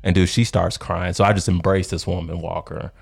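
A man in his thirties, a podcast co-host, telling a long story in a rambling, animated way with lots of fillers. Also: sits low, brisk, gravelly, husky. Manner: rambling, animated, laughs often, many fillers. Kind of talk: casual storytelling chat.

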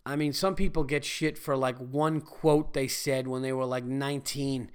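A man's voice: medium pitch, steady tone, normal speed, clear, resonant tone. A man hosting his own podcast, talking alone in a loose, profane, rambling and jokey way. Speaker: podcast host. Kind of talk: casual solo podcast monologue.

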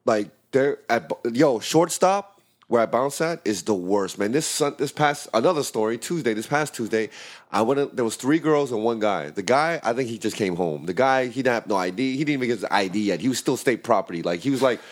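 Fast, animated man telling a rowdy story. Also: mid-range voice. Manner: animated, profane, acts out voices and sound effects. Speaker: podcast co-host telling a story; works as a bouncer. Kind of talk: casual storytelling chat.

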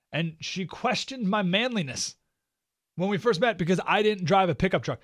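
A man hosting a talk radio show, delivering an opinionated monologue in an animated, sarcastic way with mocking asides. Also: high voice, no echo, clean studio sound.

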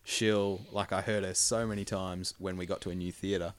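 Low-voiced joking podcast man. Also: little pitch movement, normal speed, no echo. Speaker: podcast co-host. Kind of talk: casual podcast chat.

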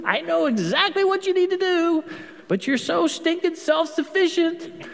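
A priest voicing God calling down from above, exasperated with self-sufficient people, in a high, raised voice. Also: male voice, animated, a little slow, gravelly, a bit bright, heavily acted. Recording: long hall reverb.

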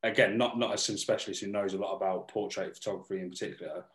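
A man hosting a casual interview, talking in halting starts and restarts while he pays compliments. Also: on the low side, fairly even intonation. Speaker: podcast host. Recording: roomy echo.

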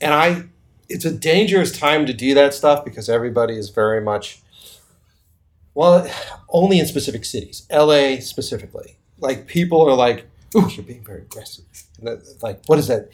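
A man's voice: mid-range voice, moderate pace. A man from the US East Coast hosting a podcast, telling stories in casual chat with lots of swearing. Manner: animated, profane storytelling. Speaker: podcast host.

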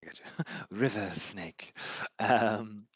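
Casual male player, lowish pitch, filler-heavy chatter, dry mic. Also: slow, husky, no echo. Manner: chatty, hesitant, many likes. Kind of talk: casual tabletop role-play.

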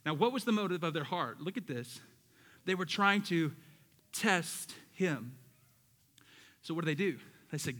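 A male pastor preaching a sermon, moving between loud emphatic lines and low storytelling and acting out Bible characters in casual voices. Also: lively intonation, unhurried, pauses often.

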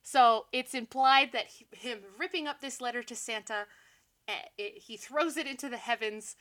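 A young woman talks through a film plot in loose, animated podcast chat. Her voice is bright and crisp, and she laughs often and drops sarcastic asides. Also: fairly high pitch, normal speed. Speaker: podcast co-host. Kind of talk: casual movie recap chat.

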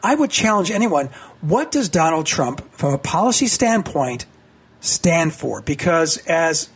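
A husky-voiced man in his sixties talks politics as a guest on a radio show. He gets excited easily, his voice climbing high as he trips over restarts, and sits a little higher in pitch than most men. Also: measured pace. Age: 60s. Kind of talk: casual political radio chat.

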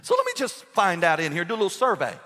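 A man's voice: high-pitched, wildly swooping pitch, fast, sharp tone. A man in his sixties preaching a sermon as pastor, telling humorous stories and quizzing the congregation. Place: church sanctuary. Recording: long reverb of a large church hall.

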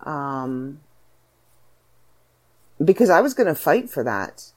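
A Canadian woman with a Canadian accent, hosting a podcast and talking casually about her writing in a chatty, animated way. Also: sits low, slow pace. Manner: chatty, animated storytelling with voiced asides. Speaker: podcast host and author. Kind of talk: casual solo podcast monologue.

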